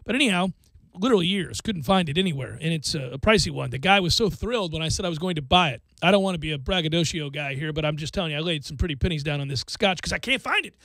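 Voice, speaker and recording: A middle-aged man with a notably high voice, hosting a sports talk radio show. He tells stories in an animated, ranting way, and his studio mic sounds close and dry. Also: fast talker, vocal fry, dry recording. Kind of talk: casual sports radio chat. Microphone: studio microphone.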